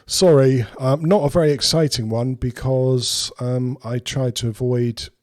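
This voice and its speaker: A man's voice: mid-range voice, steady tone, a little slow, darkish tone, no echo, studio quality. A man streaming a strategy game who talks through his moves in rambling, casual commentary and swears freely.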